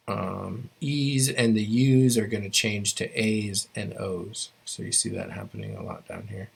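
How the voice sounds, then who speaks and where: A man with a fairly low voice leads an online language lesson through his computer mic. He talks in a loose, unhurried way, full of fillers and restarts as he shares his screen. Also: creaky. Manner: relaxed, many fillers and restarts. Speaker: language teacher. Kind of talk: online class lecture.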